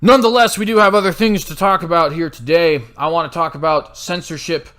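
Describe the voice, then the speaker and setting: Young male host, opinionated monologue, heated and sarcastic, keeps asking "right?", slightly high pitch. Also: steady tone, brisk, fairly bright tone. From United States. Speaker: political commentary host.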